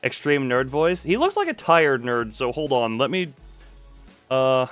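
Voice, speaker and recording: A man's voice: medium pitch, big pitch swings, a little slow, a bit bright, dry recording, soft background music. A man streaming a game live, joking and rambling as he reacts to his chat, on a close desk microphone.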